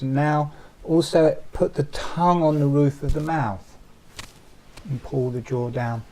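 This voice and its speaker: Man, meditation teacher, slow soothing guidance, warm mellow tone, faint hiss behind. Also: on the high side, steady tone, rough recording. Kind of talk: guided breathing instruction.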